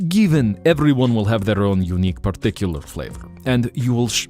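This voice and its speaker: A man hosting a live stream, rambling casually as he explains things to his chat. His voice sits low but moves lively up and down, with faint music playing behind him.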